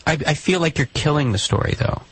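A man in a comedic sketch, producing a recording, talking in halting, repeated starts while gently insisting. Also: on the high side, animated, slightly rough, rough recording.

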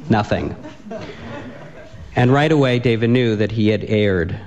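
A man reading a comic story aloud with a dry, deadpan delivery. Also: on the low side, measured pace, highs cut off.

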